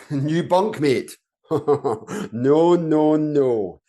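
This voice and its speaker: A man voicing a grumbling space soldier who mocks everything. His voice is dark and mellow, mid-pitched, the sarcasm laid on dry. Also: lively intonation, very slow. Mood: sarcastic. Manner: sardonic, dry. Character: sarcastic rebellious male soldier. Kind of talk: audio comedy acting.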